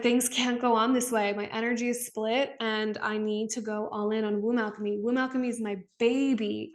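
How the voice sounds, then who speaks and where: A woman in her twenties hosting a spiritual podcast, talking candidly and emphatically with many "like" fillers. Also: fairly high pitch. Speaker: podcast host. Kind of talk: casual spiritual monologue.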